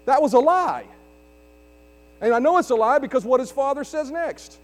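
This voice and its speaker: Preaching as a pastor, a man speaks in a very high-pitched, animated voice at a moderate pace, building emphasis and putting questions to the congregation. The sound has the long reverb of a large hall and a mains hum.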